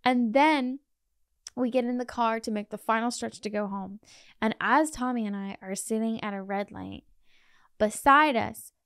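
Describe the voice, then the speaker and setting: A woman's voice: fairly high pitch, fairly bright tone, smooth, no room sound, clean studio sound. A woman co-hosting a podcast, chatting casually and filling her speech with "like" as she tells a story. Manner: chatty, heavy use of "like". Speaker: podcast co-host. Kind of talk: casual chat, telling a dream story.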